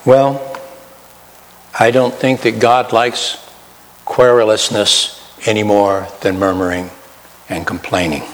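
A man's voice: lowish voice, flat delivery, slow, pauses often, big-room sound, rough recording. A man preaching a sermon in a folksy, self-deprecating way, shifting his pace and volume for emphasis. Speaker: pastor.

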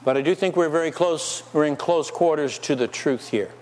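A man's voice: fairly high pitch, moderate pace, a little mellow. A man preaching a sermon in a church, asking his listeners rhetorical questions. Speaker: pastor. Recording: long hall reverb.

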